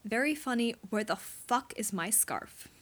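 A woman's voice: fairly high pitch, expressive, measured pace, fairly bright tone. A woman voicing a young male hockey captain with a tight, curt, strained delivery. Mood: tense.

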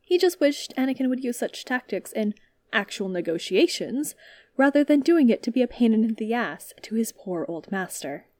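A woman reading a story aloud as narrator, in a calm, steady manner. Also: a little high, normal speed, dry recording.

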